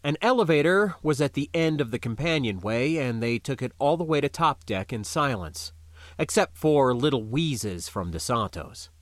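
A man narrating an audiobook in a lively, unhurried reading voice. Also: medium pitch, no room sound.

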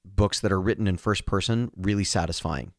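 Deep-voiced man sharing earnestly, dry sound. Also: brisk, no echo. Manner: earnest and emotional, reads a passage aloud, self-deprecating. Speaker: podcast co-host. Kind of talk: casual book discussion.

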